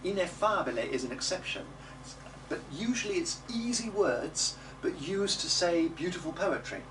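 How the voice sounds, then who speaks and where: A male music teacher with a fairly high, very lively voice, coaching a class. He sounds off the microphone, and a clear hum of room ambience runs under his speech. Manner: coaching, models words slowly and loudly for the group to repeat. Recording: distant mic with noisy room ambience.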